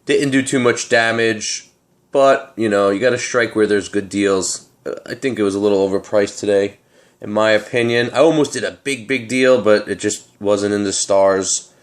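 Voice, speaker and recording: A man, tired, telling a story to his vlog audience in a casual, animated, street-casual way. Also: lowish voice, moderate pace. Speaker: comic collector vlogger.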